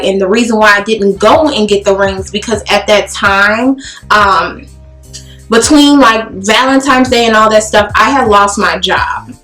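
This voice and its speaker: A woman telling a personal story in a casual, blunt and profane way, acting out the dialogue. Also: medium pitch. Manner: animated, blunt and profane, acts out quoted dialogue. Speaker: beauty vlogger telling a story. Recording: roomy echo with faint music.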